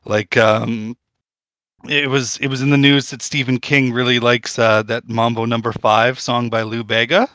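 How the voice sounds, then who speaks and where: A man's voice: mid-range voice, flat delivery, normal speed, sharp tone, no echo. A man performing a mock stand-up routine on a podcast, delivering corny punchlines after rambling setups.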